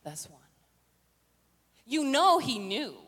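An older woman preaching a sermon, telling the story with animated acted-out voices and rising to shouted declarations. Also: high-pitched, slow pace. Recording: long hall reverb.

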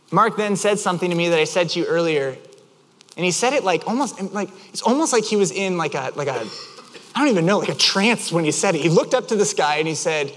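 High-voiced man preaching in a reverberant hall. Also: brisk. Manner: animated storyteller who acts out quotes. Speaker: pastor. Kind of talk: sermon with personal stories.

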